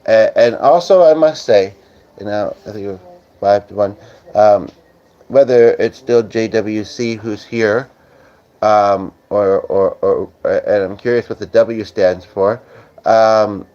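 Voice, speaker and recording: A man's voice: fairly low pitch, takes it slowly, dark tone. Man, livestream host, casual rambling chat, lots of ums and uhs, slightly dull lo-fi audio. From Canada. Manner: rambling, many fillers, reads viewer comments aloud. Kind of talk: casual live-stream chat.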